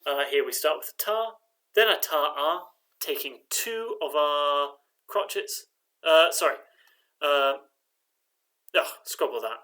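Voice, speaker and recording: A man's voice: fairly high pitch, takes it slowly, pauses often, bright, forceful tone. A man leading an online choir rehearsal from his living room, chanting rhythm syllables, counting in and encouraging the singers. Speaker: choir director.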